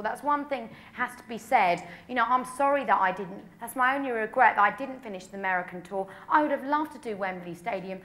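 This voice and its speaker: A woman's voice: fairly high pitch, fairly bright tone. An English woman in her twenties, a pop singer answering press questions in a chatty, candid way full of "you know". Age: 20s.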